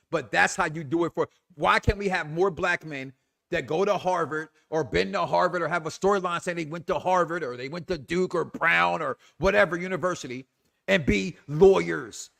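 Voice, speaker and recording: A man's voice: a little high, creaky. A man hosting a wrestling talk show, giving an impassioned commentary rant that is emphatic and full of repetition. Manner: animated, emphatic, repeats himself.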